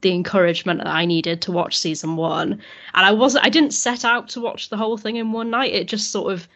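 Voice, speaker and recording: A young woman on a podcast, chatting in a relaxed, easygoing way. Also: medium pitch, fairly quick. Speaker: podcast contributor. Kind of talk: casual chat.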